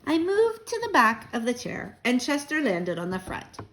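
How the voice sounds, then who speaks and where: A woman reading a children's book aloud, gentle and chatty with young listeners. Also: fairly high pitch, wildly swooping pitch, normal speed, slight background noise. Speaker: children's story reader.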